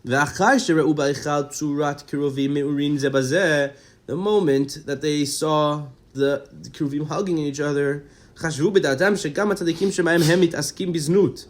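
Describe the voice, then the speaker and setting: A man's voice: on the high side, normal speed. A man teaching a Torah class, reading out Hebrew texts and explaining them. He talks with energy, often repeats words as he goes and keeps asking rhetorical questions.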